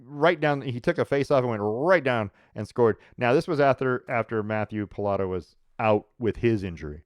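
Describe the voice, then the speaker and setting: A man's voice: mid-range voice, animated, normal speed, no room sound, clean studio sound. A man hosting a sports podcast, chatting casually and rambling with restarts and laughs.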